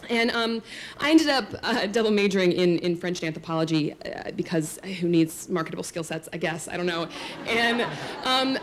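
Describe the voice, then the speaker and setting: A woman's voice: on the low side, lively intonation, moderate pace. A woman telling a true story on stage to an audience, chatty and self-mocking, full of likes and asides to the crowd.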